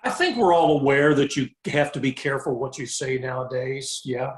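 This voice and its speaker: A man who works as a sports broadcaster, a podcast guest recalling details in a relaxed, matter-of-fact way. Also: medium pitch, moderate pace. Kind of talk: casual interview chat. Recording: roomy echo.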